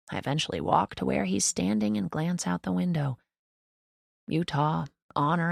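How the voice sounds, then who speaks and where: A woman reading a novel in the first person as an audiobook narrator, in an even, reflective way. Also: low voice, gravelly, no echo, studio quality.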